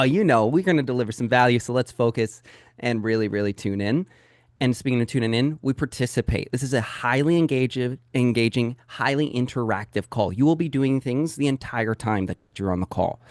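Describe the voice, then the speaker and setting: A man coaching a live training call on a video call, energetic and emphatic as he talks straight to his audience. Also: mid-range voice, dry recording, studio quality. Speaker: real estate sales coach.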